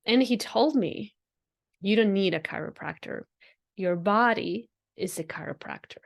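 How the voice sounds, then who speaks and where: An unhurried woman with a medium-pitched voice and vocal fry hosts a podcast, reflecting earnestly on spirituality. She often laughs and circles back to the same phrases.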